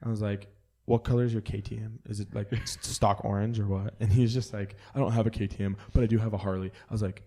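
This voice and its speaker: A man's voice: on the low side, fast, hardly any pauses. A young man co-hosting a podcast, telling jokey stories in casual chat and acting out the voices of the people in them. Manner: animated, jokey, acts out quoted voices. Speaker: podcast co-host.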